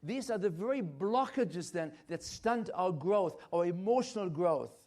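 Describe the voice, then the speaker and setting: A man's voice: sits high, animated, a little slow, a little mellow. An older man giving a church health lecture, emphatic and repetitive, with frequent hesitant restarts. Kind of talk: health talk at a church conference.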